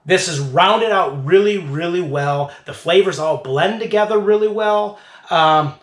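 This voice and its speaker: A man hosting a casual beer tasting review, talking in a playful, drawn-out way as he sips and describes flavors. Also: sits high, echoey room.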